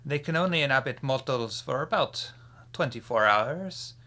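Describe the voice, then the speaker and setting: On a live-streamed tabletop role-play, a male game master performs a courteous, scheming French vampire who speaks from under his hood. The voice is medium-pitched, raspy, bright, and forward-pushing, with a put-on French accent, animated delivery, and a moderate pace. Courtly, formal, and gracious with a sly edge, he ends remarks with a teasing "huh?".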